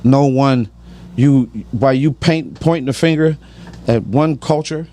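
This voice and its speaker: A man's voice: mid-range voice, a little slow, dark tone. A man giving emphatic, preachy personal testimony on a podcast, often asking "right?".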